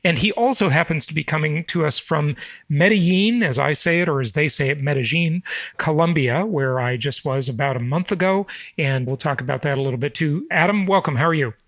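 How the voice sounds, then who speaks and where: A middle-aged man hosting an interview podcast, pitched a little high for a man. He chats freely, tossing in asides and correcting himself as he goes. His voice sits dry and close to the mic. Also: a bit bright, dry recording. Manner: chatty, self-correcting, quick asides. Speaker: podcast host.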